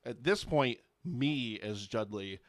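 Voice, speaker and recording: A man's voice: mid-range voice, expressive, slow, dry recording, clean studio sound. Rambling man thinking aloud as player. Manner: rambling, hesitant, restarting thoughts. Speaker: player in a story game. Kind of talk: casual chat.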